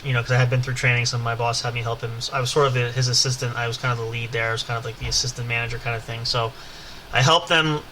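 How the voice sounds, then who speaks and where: Speaking quickly in a pushed, bright voice of medium pitch and fairly even intonation, a man hosting a podcast rambles through a long casual anecdote packed with fillers and asides. A little hiss or hum sits under the low-quality recording.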